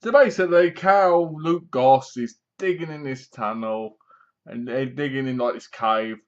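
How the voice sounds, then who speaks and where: A man's voice: medium pitch, measured pace. A man with an English accent giving a casual, rambling movie review that sounds sarcastic. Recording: dull lo-fi recording.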